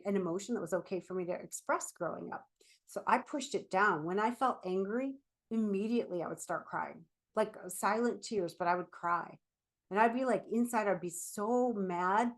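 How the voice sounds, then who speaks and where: A chatty woman therapist, somewhere in middle age, speaking casually in an animated vlog-style talk. She is on her feet as she speaks, with a medium-pitched voice, and sprinkles "like" and "right?" all through her sentences. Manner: speaking while standing and moving about.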